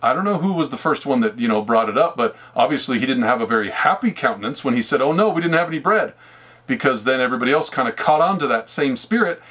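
A man's voice: mid-range voice, expressive, quick pace, hardly any pauses, a bit bright, breathy edge. A man giving a casual sermon, talking conversationally and acting out imagined dialogue with God, with laughs now and then. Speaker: preacher.

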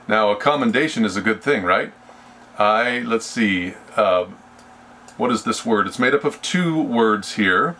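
A man leading a Bible study, speaking slowly and deliberately and often restarting his sentences. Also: fairly low pitch, animated, sharp tone, slight background noise. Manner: slow and deliberate, with frequent restarts. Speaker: Bible teacher.

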